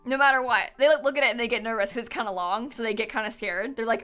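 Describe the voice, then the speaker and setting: A chatty young woman streaming live, talking to her viewers in a bright, forceful voice that sits a little high. She rambles and giggles, and faint music plays behind her. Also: fast, smooth. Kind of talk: casual chat with stream viewers.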